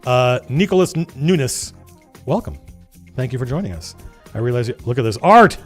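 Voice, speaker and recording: A man hosting a casual livestream, reading old game zines aloud and breaking off into rambling, animated comments. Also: medium pitch, moderate pace, faint music behind. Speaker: livestream host.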